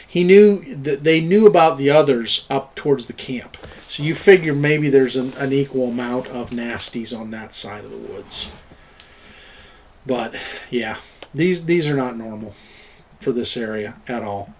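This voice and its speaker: A man's voice: mid-range voice, a little slow, slight background noise. A middle-aged man running an online tabletop game as game master, chatty and explaining, laughing often. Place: at home, online voice chat.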